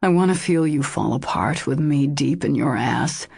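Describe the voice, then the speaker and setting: A woman voicing a dominant male lover who speaks low and strained, as if through clenched teeth. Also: moderate pace, creaky, darkish tone, breathy edge, dry recording, studio quality, full character voice. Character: intense dominant man, lover.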